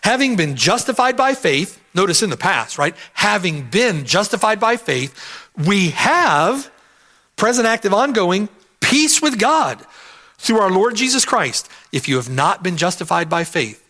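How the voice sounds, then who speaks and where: A man's voice: high-pitched, sing-song, a little slow, sharp tone. A man preaching an expository sermon, emphatic, repeating key phrases and checking in with "right?".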